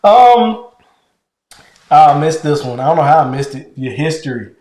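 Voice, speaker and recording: Loud-voiced man, casual marriage talk. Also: fairly high pitch, normal speed, roomy sound. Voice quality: naturally loud voice. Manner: conversational, loose and animated, keeps checking in with "right?". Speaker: podcast co-host with his wife.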